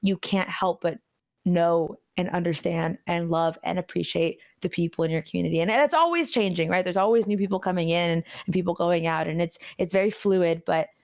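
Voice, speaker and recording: A woman streamer telling a story in a casual interview, animated and laughing often. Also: on the low side, fairly quick. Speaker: streamer guest.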